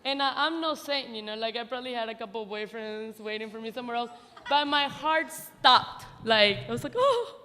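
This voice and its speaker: A woman in her thirties gives a memorial speech live in a large hall, and the hall reverb is audible. She tells a personal story in a chatty, laughing, self-teasing way. Her voice is on the high side, pushed and bright, and a little fast.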